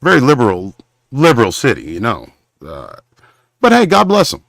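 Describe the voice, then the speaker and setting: A man from Southern hosting a confrontational livestream rant, rambling and halting, with preacher-like condemnations. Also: medium pitch, huge pitch swings, vocal fry, fairly bright tone, no room sound, studio quality. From Southern Oklahoma. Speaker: show host.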